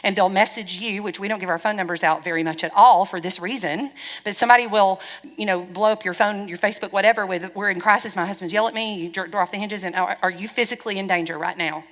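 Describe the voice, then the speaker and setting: A middle-aged woman pastor preaching a sermon, frank and lively, acting out bits of dialogue as she goes. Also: mid-range voice, quick pace. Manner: lively, frank, wry storytelling with quoted dialogue. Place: church hall. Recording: long church-hall reverb.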